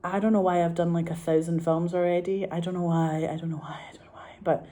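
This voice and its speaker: Chatty Glaswegian woman with a low, mellow voice. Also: fast. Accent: Glaswegian Scottish. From Scotland. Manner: rambling, excitable, swears freely, laughs often. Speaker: film director. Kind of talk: casual chat to camera.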